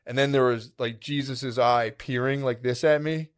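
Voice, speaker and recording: Male podcast co-host, mid-pitch, loose rambling storyteller, acts out his own thoughts, lots of "like" and "dude". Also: steady tone, moderate pace, smooth. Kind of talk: casual storytelling chat.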